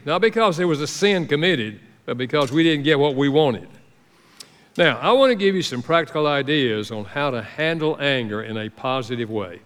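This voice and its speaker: A man's voice: mid-range voice, a bit bright. A middle-aged man preaching a sermon as pastor, telling stories and acting out the voices of the people he quotes. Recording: long hall reverb.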